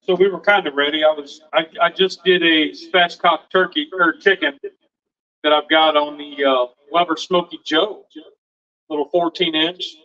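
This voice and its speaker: A man's voice: fairly high pitch, steady tone, normal speed, sharp tone. A middle-aged man hosting a casual livestream, rambling and chatty as he talks to viewers and family. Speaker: livestream host and home cook. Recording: dull, distant mic.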